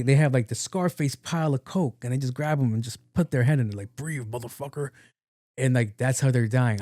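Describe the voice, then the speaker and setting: A man's voice: mid-range voice, warm tone, no echo, clean studio sound. A man hosting a podcast, retelling a story in a loose, slangy, profane way. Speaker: podcast host. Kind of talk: casual film recap storytelling.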